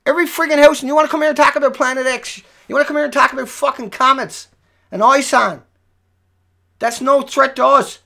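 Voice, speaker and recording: A livestream host rants angrily and profanely at viewers, sinking into low muttering before climbing back up to yelling. The voice is creaky.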